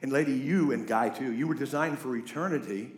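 A man preaching a sermon as pastor, swinging from quiet asides to loud, raised storytelling. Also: mid-range voice, fairly quick, roomy sound. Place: church sanctuary.

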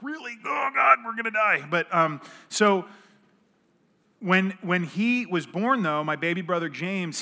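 A man's voice: fairly high pitch, pushed and bright. A man in his thirties, a pastor telling a personal story to his congregation in a joking, self-deprecating, conversational way. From United States, partly raised in Australia. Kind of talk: sermon with humorous personal storytelling. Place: church, in front of a congregation.

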